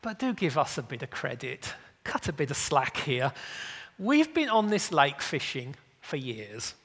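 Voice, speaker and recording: A man's voice: fairly high pitch, big pitch swings, a little slow, a bit bright, husky, long reverb tail, pitched below the performer's own voice, exaggerated voice. A man doing an exasperated fisherman. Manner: exasperated, politely sarcastic. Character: irritated middle-aged male fisherman, mildly sarcastic.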